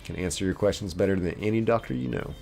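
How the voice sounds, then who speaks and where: Guy with a lowish voice reading chat on a game stream, playful replies, quiet music under. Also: fast talker. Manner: reads chat messages aloud and answers them playfully. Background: faint game music.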